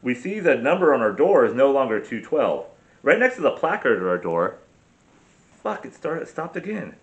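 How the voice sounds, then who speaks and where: A man's voice: mid-range voice, very animated, moderate pace, muffled recording. A middle-aged man from the United States telling a travel story in a casual vlog, profane and ranting, often cutting himself off. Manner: profane, ranting, self-interrupting. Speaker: travel vlogger.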